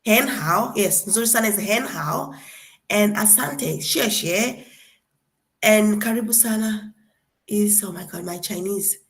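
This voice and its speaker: A young woman from Tanzania giving a casual classroom lesson. She drills each word slowly and deliberately, and keeps a playful, chatty manner. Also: mid-range voice. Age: young adult. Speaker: guest lecturer.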